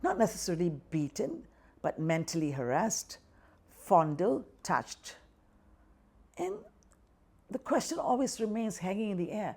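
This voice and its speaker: An older Malaysian woman with a Malaysian English accent speaks passionately as an activist guest in a conversational interview, acting out what others say and often tossing in "right?" and "you know." Her medium-pitched voice is very animated, a little mellow and slightly rough, moving at a measured pace with long pauses.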